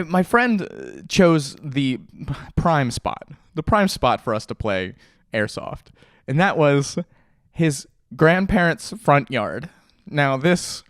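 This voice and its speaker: A man's voice: mid-range voice, no room sound, studio quality. A young adult man telling a rambling childhood story at home, laughing often, as a casual morning chat on his channel. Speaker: vlogger. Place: at home with a pet. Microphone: mic on a stand.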